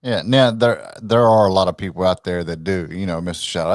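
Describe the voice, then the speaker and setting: Very low, agreeable male co-host, laughs easily, dry close sound. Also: fairly quick, no room sound. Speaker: podcast co-host. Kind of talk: casual sports chat.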